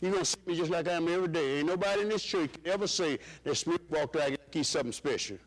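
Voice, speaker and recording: A man's voice: fast talker, poor audio. A man preaching a sermon to his church, calling out questions for the congregation to answer. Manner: call-and-response preaching, rising and dropping pitch.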